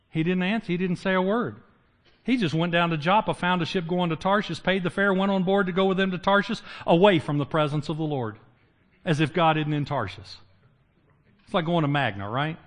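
A man preaching a sermon, retelling Bible stories and acting out the characters with humor. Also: high-pitched. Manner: lively, acts out biblical characters with humor. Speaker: pastor.

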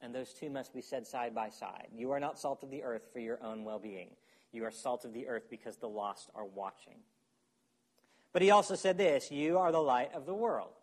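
A man's voice: mid-range voice, lively intonation, normal speed. A man preaching a sermon in a conversational way, often checking in with his listeners. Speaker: pastor.

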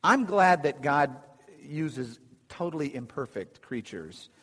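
A man gives a relaxed, conversational sermon, breaking off for chuckling asides and restarting his sentences. His voice sits a bit higher than most men's. The sound carries a long reverb, as in a church sanctuary. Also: slow, husky. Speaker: preacher. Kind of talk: sermon with slides.

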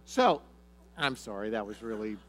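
A man's voice: lowish voice, moderate pace, slight background noise. A man preaching a sermon, retelling a story and acting out the characters' lines. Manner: animated, acts out characters' lines. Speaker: pastor.

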